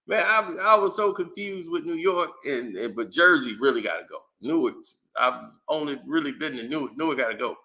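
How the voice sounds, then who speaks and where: A man's voice: fairly high pitch, animated, moderate pace, pushed and bright. A man hosting his own commentary channel, ranting in a casual, exasperated way with slang and frequent laughs. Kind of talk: casual opinion rant.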